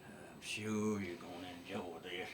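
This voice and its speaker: A man's voice: sits low, steady tone, unhurried, background noise. A middle-aged man telling a comic folksy story, drawling and chuckling along. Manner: drawling, laughs at his own tale.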